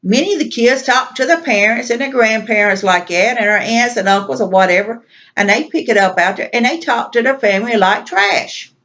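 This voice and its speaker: A woman's voice: on the high side, a little fast, a bit bright. A woman vlogger venting in an exasperated, repetitive rant. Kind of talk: venting monologue. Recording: dull lo-fi recording.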